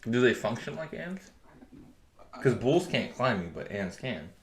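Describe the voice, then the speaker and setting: A man's voice: mid-range voice, big pitch swings, unhurried, reverberant. A man co-hosting a podcast, telling blunt, profane stories in casual banter. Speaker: podcast co-host.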